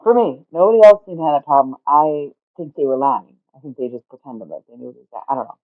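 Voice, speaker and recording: A woman livestreaming in casual chat, rambling and swearing freely, getting loud and exasperated. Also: deep voice, fast talker, no echo. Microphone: streaming mic. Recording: tinny phone-like dry sound.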